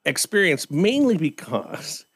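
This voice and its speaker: A man co-hosting a podcast in casual chat, telling game anecdotes with lively energy and frequent laughter. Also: a little high, a little slow, husky. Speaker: podcast co-host.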